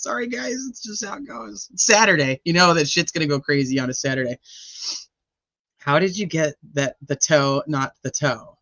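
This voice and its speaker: Woman, livestream host, teasing, profane, bright voice, dry lo-fi sound. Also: fairly low pitch, normal speed, gravelly, no room sound. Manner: joking, teasing and profane, laughs often. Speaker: true crime livestream host. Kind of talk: casual livestream chat, reading viewer comments.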